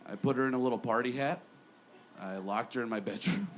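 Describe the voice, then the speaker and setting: A young man working a stand-up set in a small bar, mid-pitched and rambling, mocking himself and restarting his sentences. A faint noise sits under the voice. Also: brisk. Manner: rambling, self-deprecating, with stammered restarts. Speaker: stand-up comedian.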